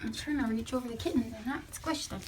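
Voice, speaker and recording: A young woman with a high voice chats in a warm, casual way as she fusses over a mother cat and her kittens at home. She switches between sweet baby talk for the cats and easy asides for her viewers. A faint hiss of room noise and soft purring sit behind her. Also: fast talker. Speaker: pet vlogger. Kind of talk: casual narration while handling kittens. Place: at home beside a cat bed.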